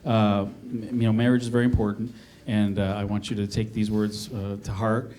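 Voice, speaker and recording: A man's voice: lowish voice, little pitch movement, fairly quick, a little hiss or hum. A middle-aged man from Maine doing a stand-up comedy set, self-mocking and talking to the crowd. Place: comedy club stage. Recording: live club set with loud audience laughter. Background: audience laughing.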